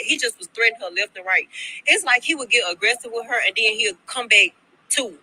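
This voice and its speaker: A woman's voice: on the high side, expressive, fast talker, pushed and bright, husky, rough recording. A woman telling a storytime to her followers, chatty, slangy and profane, often repeating herself. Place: at her workplace.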